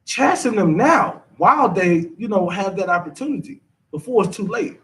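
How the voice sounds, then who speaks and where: High-voiced man teaching scripture. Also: expressive, moderate pace, fairly bright tone, recorded from a distance. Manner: conversational, repeats himself, drawling slang.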